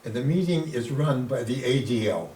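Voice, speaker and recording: A man in his nineties, a retired rabbi, telling lively anecdotes in an interview and dropping in Yiddish words. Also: medium pitch, moderate pace. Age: 90s. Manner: lively storyteller who sprinkles in Yiddish words. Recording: echoey room, distant mic, faint noise.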